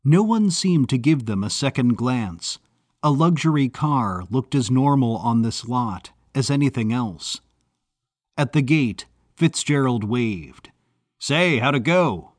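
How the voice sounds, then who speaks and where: A man narrating an audiobook in a measured, even reading style. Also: medium pitch, dry recording, clean studio sound.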